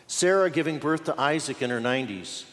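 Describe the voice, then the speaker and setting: A man's voice: fairly high pitch, expressive, fairly bright tone, soft background music. Man preaching in a reverberant church. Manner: folksy, dramatic pauses, playful asides. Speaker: pastor. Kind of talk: sermon. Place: church sanctuary.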